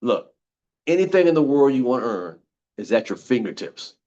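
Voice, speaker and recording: A man's voice: medium pitch, very animated, moderate pace, dark tone, highs cut off. An older man giving a motivational talk on network marketing, repeating slogans in an emphatic, preachy way.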